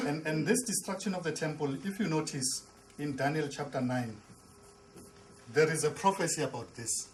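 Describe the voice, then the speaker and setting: A man's voice: a little high, normal speed, noisy background. A man, a pastor, teaching a Bible class. He repeats and restarts words and asks the class questions. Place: classroom with a board.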